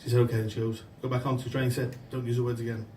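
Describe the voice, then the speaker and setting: A man's voice: mid-range voice, little pitch movement, rapid-fire, mellow, distant mic. A man telling rambling, sweary jokes on stage as an amateur comic. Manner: rambling, chatty, swears freely, loses his place. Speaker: amateur stand-up comedian. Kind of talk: stand-up joke telling. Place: function room before a laughing crowd. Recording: echoey room recorded from afar, noisy.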